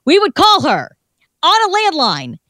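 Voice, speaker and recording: A woman in her thirties hosting a radio show in a studio, telling a lively story and acting out the other people's voices. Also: very high-pitched, unhurried, dry recording. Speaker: radio host.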